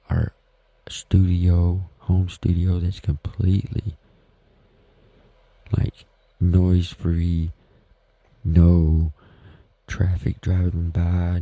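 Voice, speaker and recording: Gravelly and dark in tone, this man's voice sits low as he hosts a solo podcast from his home. He has a Southern US accent and rambles casually in a folksy, self-deprecating style. There's no echo, and the audio sounds dull.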